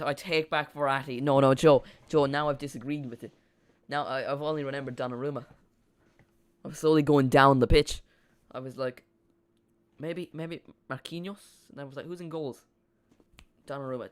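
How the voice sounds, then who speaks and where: A man's voice: mid-range voice, clean tone. A man hosting a live football watch-along, rambling and joking with his chat while calling the play.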